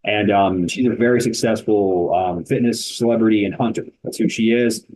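A man's voice: fairly low pitch, normal speed, low-quality recording. A man, founder of an endurance organization, talking as a guest in a casual podcast interview with emphatic, punchy storytelling. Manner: energetic, emphatic storytelling in short punchy sentences.

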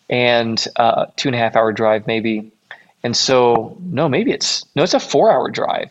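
A young man from Illinois telling a rambling personal story in a casual way, correcting himself often along the way. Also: medium pitch. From Illinois, USA. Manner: rambling, self-correcting, acts out quoted voices. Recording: dull lo-fi recording.

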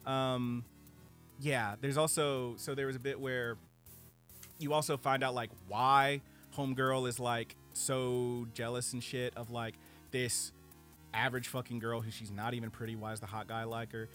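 Animated, profane man reviewing anime. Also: mid-range voice, normal speed, faint music behind. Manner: animated, profane, filler-heavy. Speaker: podcast co-host. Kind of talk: casual anime review chat.

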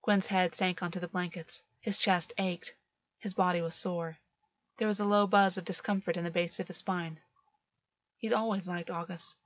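A woman's voice: fairly low pitch, fairly even intonation, normal speed, no echo. Woman reading fiction on dull lo-fi audio. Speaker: narrator. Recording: dull lo-fi, dry.

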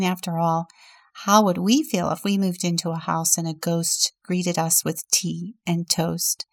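A woman deacon reading a children's story aloud and then reflecting on it, in a gentle storytelling manner that asks questions of the listener. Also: lowish voice, gravelly, no room sound, clean studio sound.

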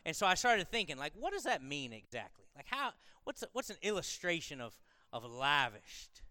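A man's voice: fairly high pitch, wildly swooping pitch, normal speed, bright, forceful tone, no room sound, clean studio sound, big-room sound. A man preaching a conversational sermon to a congregation, moving from casual asides to emphatic, repeated lines. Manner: conversational, building to emphatic repetition. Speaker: pastor.

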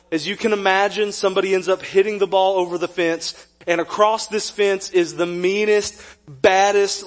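High-voiced joking pastor. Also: male voice. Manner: jokey, conversational, swings to quiet earnest tone. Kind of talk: sermon.

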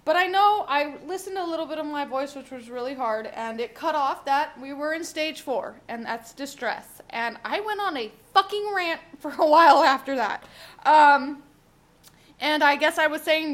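High-voiced woman ranting on a podcast. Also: moderate pace, a bit bright. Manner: rambling, profane, candid. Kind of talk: casual solo podcast monologue.

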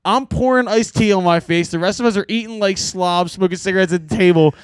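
A man on a podcast casually telling band road stories, animated and swearing, laughing often. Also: sits high, fairly quick, smooth, dry recording. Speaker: podcast co-host and band member. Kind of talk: casual storytelling chat.

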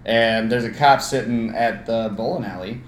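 A young man telling an animated, profane story in casual podcast chat, acting out the voices of the people in it. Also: medium pitch, normal speed. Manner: animated storyteller, swears freely, acts out quoted voices. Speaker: podcast co-host. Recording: echoey room with faint noise.

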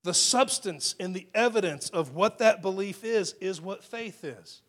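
A man preaching a sermon as pastor, conversational and personal, with many restarts and sudden swings in loudness. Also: high-pitched, unhurried.

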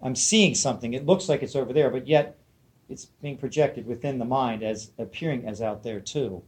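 In a medium-pitched, slightly mellow voice at a moderate pace, a man tells a small group a teaching story as part of a dharma talk. He puts questions to his listeners and performs the characters' quotes.

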